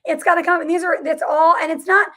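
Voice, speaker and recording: A woman co-hosting a chat podcast, her voice high and bright. She rambles in loose, slangy talk and drops dry, teasing jabs at her co-host. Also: little pitch movement, fast. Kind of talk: casual chat.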